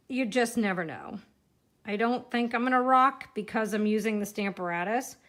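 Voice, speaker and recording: A woman's voice: mid-range voice, fairly bright tone. A chatty woman giving a casual live card-making demo, talking while she works and joking about herself. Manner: chatty, self-deprecating, talks while working.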